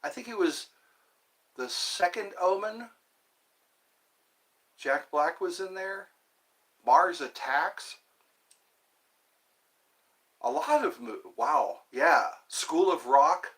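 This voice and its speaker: Male, 50s, solo stream host, slow meandering talker, sing-song animated delivery. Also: sits high. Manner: rambling, talks to himself, jumps between topics. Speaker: livestream host. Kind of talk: rambling solo livestream chat.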